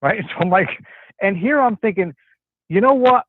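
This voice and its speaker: A man's voice: high-pitched, lively intonation, moderate pace, no echo. Man, caller, rambling storyteller, tinny phone line, dry. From Connecticut. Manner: rambling storyteller, many restarts. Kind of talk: casual phone-in chat.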